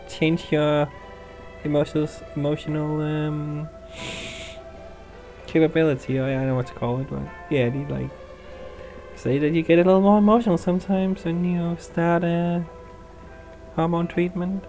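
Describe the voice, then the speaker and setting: A woman's voice: deep voice, warm tone, low-quality recording. A woman hosting a let's play, rambling through casual gameplay commentary and laughing often.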